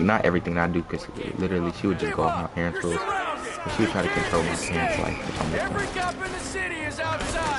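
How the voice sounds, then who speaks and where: A young man telling a story in a loose, slangy, rambling way on a casual live stream. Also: deep voice. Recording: music playing behind.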